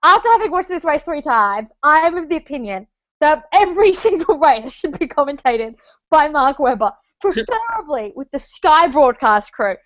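A woman's voice: sits high, sing-song, moderate pace, dry recording, highs cut off. An Australian woman co-hosting a podcast in casual chat, laughing often and acting out quotes in put-on voices. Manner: chatty, laughing, acts out quotes in mock voices. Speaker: podcast co-host.

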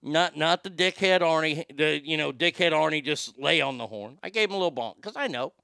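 Brisk and a little high, this middle-aged host's voice is gravelly and sharp yet smooth as he rants profanely and casually through a story, stammering into many restarts. The recording is clean studio sound with no echo.

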